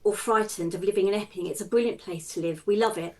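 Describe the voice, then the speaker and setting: A woman from England with a posh English accent, speaking in an earnest, measured way as a local resident in a news interview. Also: medium pitch, warm tone.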